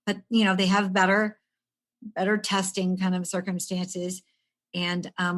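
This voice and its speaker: In a casual podcast chat, a woman in her sixties who works as a stress management coach tells her own story, speaking a little slowly in a voice on the low side. She's an animated storyteller, acting out the voices of the people in it and laughing along.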